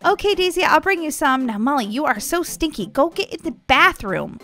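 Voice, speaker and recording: High bright voice, woman playing mom in roleplay, patient scolding. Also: very animated, moderate pace, soft background music. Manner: patient, motherly, mildly scolding. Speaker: role-player voicing the mom. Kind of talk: family role-play over game footage.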